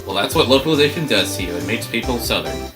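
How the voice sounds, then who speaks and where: A man's voice: on the low side, expressive, fast, distant mic, over music. Self-mocking man in casual chat. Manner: joking, self-deprecating. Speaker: fan dub voice actor.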